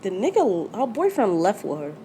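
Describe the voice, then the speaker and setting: A woman from Jersey City hosting a podcast in casual chat, telling stories in a profane, animated way. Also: medium pitch, normal speed, noisy background. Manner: storytelling, profane, animated retelling. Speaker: podcast host.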